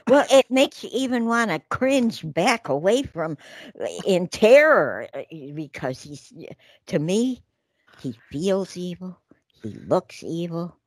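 A woman co-hosting a casual talk show, reading news aloud with animated outbursts and asides. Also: lowish voice, slow, no echo. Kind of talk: casual political chat.

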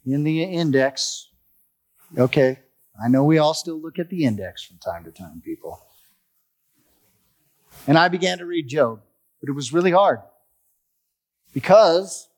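A man giving a personal recovery testimony, telling his story expressively and acting out the dialogue. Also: fairly high pitch. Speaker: testimony speaker.

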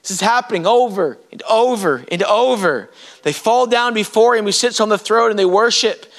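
A man preaching an impassioned sermon, breaking into sudden shouts. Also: high-pitched, normal speed, vocal fry. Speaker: pastor.

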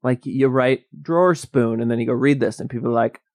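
A young man chats loosely on a podcast, rambling from joke to joke. His voice has a gravelly, fried edge. The sound is dry and close to the mic. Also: medium pitch, brisk, a little mellow, no room sound. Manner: rambling, jokey, laughs a lot. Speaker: podcast co-host. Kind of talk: casual comedic chat.

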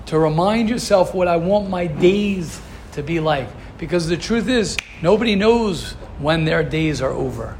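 A man's voice: a little high, a little hiss or hum. A man, a rabbi, giving a class in an earnest, coaching way, pressing his listeners with repeated questions. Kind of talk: Torah class talk.

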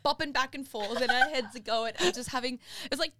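A young woman co-hosting a podcast, bubbly and expressive as she chats and laughs with her friend. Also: sits high, quick pace, dry recording, studio quality. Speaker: podcast co-host. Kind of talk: casual chat.

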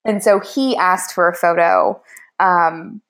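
A woman's voice: on the low side, slow. A woman baker, a podcast guest, telling a story casually with lots of laughter and fillers. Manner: animated, laughing, many fillers like "like" and "um". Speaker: baker and cookbook author guest.

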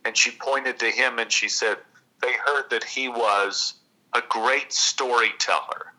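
A man from Texas, an actor and guest, telling stories in an unhurried, reflective interview. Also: mid-range voice, steady tone, bright, forceful tone, rough recording. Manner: unhurried, reflective, with long pauses.

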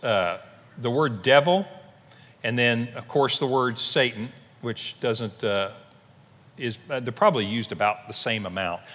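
Animated male pastor preaching in a hall. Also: mid-range voice. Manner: animated storytelling, acting out quoted voices. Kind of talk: sermon. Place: church sanctuary.

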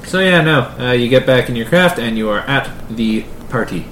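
A male game master narrating a tabletop game with lively, swinging pitch and easy laughter. He pauses on fillers as he describes scenes. His voice is roomy, with clear background noise behind it. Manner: animated, laughs often, many fillers.

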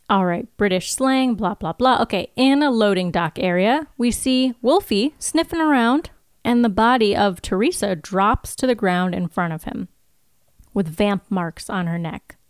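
Woman podcast co-host, mid pitch, smooth clear tone, dry close sound, chatty recap delivery. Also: no room sound. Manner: recaps scenes with quick acted-out quotes, laughs often. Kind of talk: casual chat, reading episode recap.

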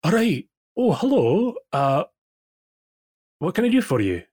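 A man voicing a kindly human woman cleric who runs a healing house, polite and brisk. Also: on the low side, very animated, mellow, husky, no room sound, studio quality, pitched above the performer's own voice, heavily acted. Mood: welcoming.

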